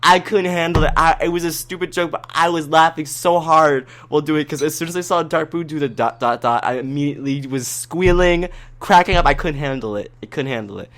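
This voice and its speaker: Man, podcast co-host, casual chat, excitable, loud rants, slightly high voice. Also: brisk, few pauses. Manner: excitable, swings into loud high-pitched ranting.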